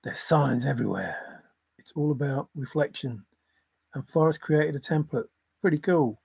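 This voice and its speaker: A man's voice: fairly high pitch, moderate pace, gravelly, a little mellow, slightly rough, no room sound. Rambling man on a livestream, dry sound. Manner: rambling, chuckling, apologetic. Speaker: livestream host. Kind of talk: casual livestream chat.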